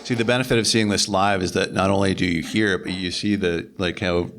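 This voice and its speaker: Deep-voiced male podcast host. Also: fairly even intonation, brisk, background noise. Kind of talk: live interview. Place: bar, live audience.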